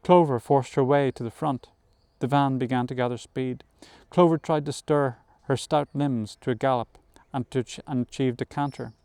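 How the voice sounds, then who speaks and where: A man narrating a novel aloud as an audiobook reader, in a measured storytelling manner that includes occasional self-corrections. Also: medium pitch, steady tone, a little mellow, clean tone, no room sound.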